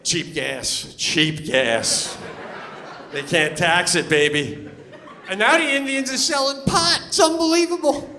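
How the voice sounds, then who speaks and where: A male comedian working a live crowd, his voice high and bright with a lively storytelling drive. He slips in voices for the people he describes. A long hall reverb trails his lines. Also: takes it slowly. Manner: animated storytelling, acting out voices of people he meets. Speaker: stand-up comedian. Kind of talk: stand-up comedy set. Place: theater stage before a live audience. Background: audience laughter.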